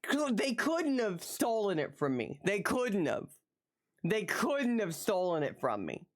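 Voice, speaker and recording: A female streamer at medium pitch keeps a measured pace as she chats casually with viewers. Full of swearing and excitement, she repeats a single phrase over and over.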